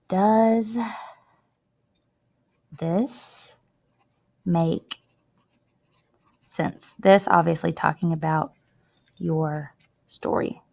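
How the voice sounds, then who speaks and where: A woman's voice: fairly low pitch, creaky. A woman teacher giving a chatty, emphatic writing lesson to students while recording her screen, drawing out words as she demonstrates.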